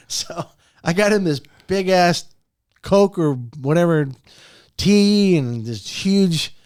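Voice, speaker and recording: A man's voice: slow, smooth, no room sound, clean studio sound. A man hosting a motivational podcast, talking with animation and telling stories with frequent laughter. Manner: animated, swoops pitch up and down for emphasis; storytelling, laughs often. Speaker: podcast host.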